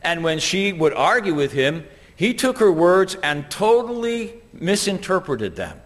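A man's voice: high voice, very animated, measured pace, a bit bright. A man preaching a sermon to a congregation, telling stories and acting out quoted voices. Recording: long hall reverb.

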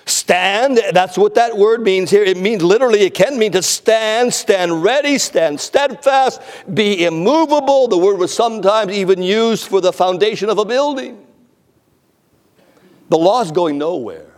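A man's voice: high-pitched, normal speed, in a large hall. A man preaching an expository sermon, emphatic, repeating words for stress and often stammering on the first word.

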